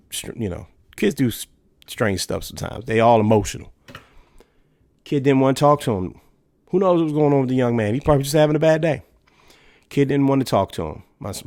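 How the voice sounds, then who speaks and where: Man, podcast host, casual monologue, emphatic, rhetorical questions, slangy, mid-pitched, dry close sound. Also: darkish tone, no echo.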